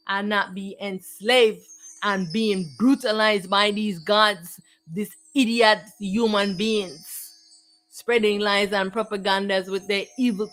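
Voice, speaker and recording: A woman's voice: mid-range voice, a bit bright, poor audio. A woman giving a repetitive, declamatory spiritual monologue. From Jamaica. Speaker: spiritual teacher.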